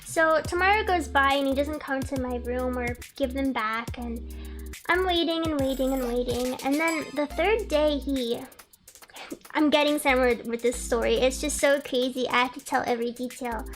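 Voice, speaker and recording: High-voiced young woman streamer rambling. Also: moderate pace, soft background music. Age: young adult. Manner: rambling, chatty, breaks off to thank chat. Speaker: VTuber streamer. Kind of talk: casual livestream storytelling.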